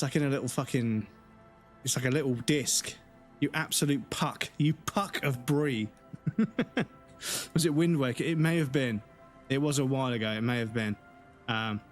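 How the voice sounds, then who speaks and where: Chatty streamer, swearing freely. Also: male voice, mid-range voice. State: slightly rough, dry throat. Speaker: live streamer. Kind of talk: casual stream chat.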